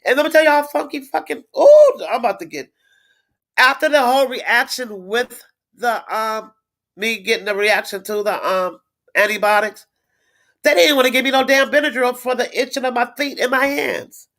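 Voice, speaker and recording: A woman's voice: fairly high pitch, moderate pace, a bit bright. Middle-aged woman on a livestream, blunt and fired up, cussing and repeating herself, reads out viewer comments. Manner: blunt, indignant, swears freely. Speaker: livestream host. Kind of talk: casual live-stream chat.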